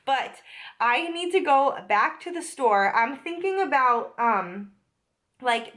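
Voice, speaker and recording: A woman's voice: fairly high pitch, fairly bright tone. A young woman telling a story in a casual vlog, chatty with lots of fillers, a little out of breath from a cold. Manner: chatty, many filler "like"s, indignant retelling. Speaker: vlogger.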